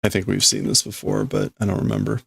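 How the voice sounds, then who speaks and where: A man's voice: on the low side, monotone, fast talker, vocal fry, a bit bright, slightly rough, dry recording, studio quality. A man streaming live as he reads a manga aloud and translates it, thinking aloud and hesitating over the words. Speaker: streamer host.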